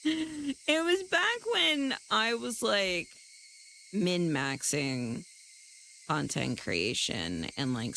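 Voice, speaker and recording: A woman streamer rambles casually to her viewers, swearing freely and poking fun at herself. Her fairly low voice carries a gravelly fry and swings widely in pitch as she talks. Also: fairly bright tone, slight background noise, rough recording. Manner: rambling and self-deprecating, with frequent swearing; chats directly to her viewers. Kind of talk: casual live-stream chat.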